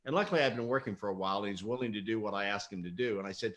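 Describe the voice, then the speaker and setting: A man's voice: lowish voice, lively intonation, rapid-fire, fairly bright tone. A middle-aged man, a coach and guest, talking casually and telling stories animatedly, acting out quotes and laughing often. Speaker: guest, mental performance coach. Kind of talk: casual livestream interview.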